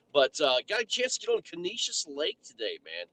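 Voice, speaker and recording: A man co-hosts a fishing livestream on his phone from a car parked near a lake. He rambles easily and fills his pauses with "uh" and "man", with some vehicle sound behind him. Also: on the high side, huge pitch swings, bright, forceful tone. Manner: easygoing, rambling, many fillers. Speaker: podcast co-host. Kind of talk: casual livestream chat.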